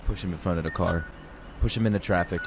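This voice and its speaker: A young man reacting to an anime episode, excitable and profane, shouting and laughing at the screen. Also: deep voice, fast, over loud music. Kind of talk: casual reaction commentary. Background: anime audio under the voice.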